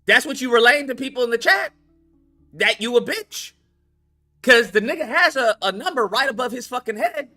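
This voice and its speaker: A man's voice: very high-pitched, animated, moderate pace, bright, forceful tone, faint music behind. A man hosting a live stream, ranting in a heated, mocking and profane way, taunting a viewer to call in.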